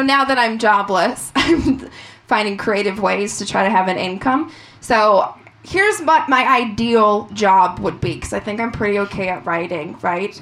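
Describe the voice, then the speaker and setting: A woman in her thirties performing a brash stand-up comedy set on a club stage, swinging up into loud shouts. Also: on the high side. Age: 30s. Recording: noisy live club recording. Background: crowd laughter and room noise.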